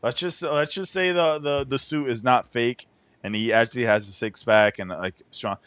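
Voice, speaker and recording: A man's voice: mid-range voice, normal speed, fairly bright tone, clear, resonant tone, no room sound. A man hosting a casual podcast chat, ranting in a profane, incredulous way. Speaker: podcast host.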